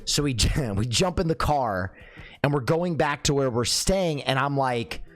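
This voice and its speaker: A young adult man telling a comic story in a lively way, acting out the dialogue. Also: unhurried, soft background music. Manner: lively, acts out dialogue with swinging pitch.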